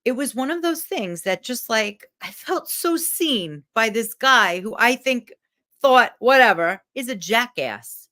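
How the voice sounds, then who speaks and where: A woman's voice: on the high side, slow. A woman coach giving a candid, emotional motivational talk to camera, swearing freely. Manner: animated.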